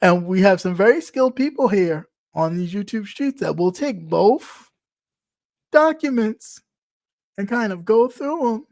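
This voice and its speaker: Brief: gossip commentator, middle-pitched, blunt and cussing, teasing tone, close dry mic. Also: lively intonation, a little slow, creaky, darkish tone, dry recording. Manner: blunt, profane and teasing, laughs often. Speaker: online commentator.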